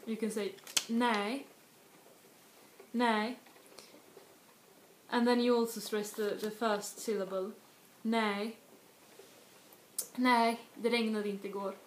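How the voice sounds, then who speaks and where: A Swedish woman tutors language in a casual video lesson, explaining slowly with many restarts and speaking example words aloud. Her medium-pitched voice is slightly mellow with little pitch movement, in an echoey room with faint noise.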